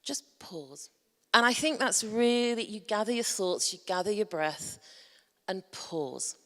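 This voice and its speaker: A woman's voice: mid-range voice, expressive, measured pace. Yorkshire woman speaking in a reverberant hall. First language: English. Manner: chatty and humorous, addresses the audience directly. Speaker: conference speaker. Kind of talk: presentation on public speaking. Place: large conference hall. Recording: long reverb of a large hall.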